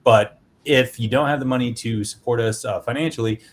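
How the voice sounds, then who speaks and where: A man's voice: medium pitch, a little fast, a little hiss or hum. A man who is a guest and indie comic creator, talking earnestly in a casual podcast chat, rambling with many fillers.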